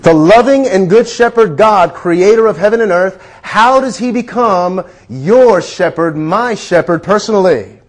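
A man with a high voice preaches a sermon. He is earnest and leads his listeners in repeating lines after him. He stretches key words out slowly for emphasis. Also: animated.

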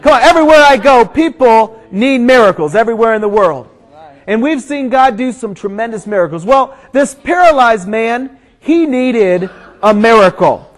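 A man preaching to a crowd, praying and then telling a funny story before a Bible passage, growing animated and shouting at the climax. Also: extremely high pitch, normal speed, poor audio. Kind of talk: storytelling sermon.

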